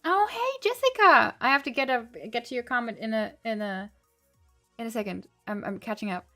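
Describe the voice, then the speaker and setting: A woman's voice: a little high, brisk, fairly bright tone, faint music behind. A woman, a language-learning streamer, chatting casually on a livestream as she reads and answers viewer comments, laughing often and switching between English and German.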